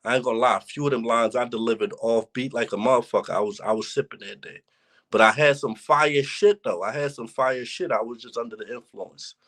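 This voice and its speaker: A young battle rapper, guesting in a casual interview, tells candid, reflective stories in street slang. He speaks briskly in a mid-range voice with a fairly bright tone.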